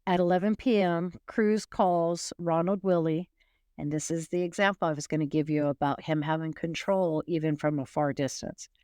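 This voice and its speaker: A woman's voice: low-pitched, steady tone, moderate pace, mellow, clean tone, dry recording, studio quality. A woman hosting a true crime podcast, retelling a case in casual, rambling storytelling with wry asides and frequent restarts.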